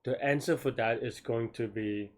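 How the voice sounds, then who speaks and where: Tired man thinking aloud, halting. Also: medium pitch. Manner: halting, self-questioning, many restarts and trailing off. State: tired, yawning. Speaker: programmer solving a coding problem live. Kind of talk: thinking aloud while problem solving.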